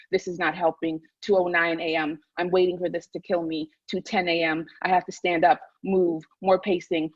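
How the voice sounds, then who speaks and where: A woman author talking candidly, then reading from her memoir in a measured, deliberate way. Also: fairly low pitch, slightly rough, no room sound, dull audio. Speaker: author and guest.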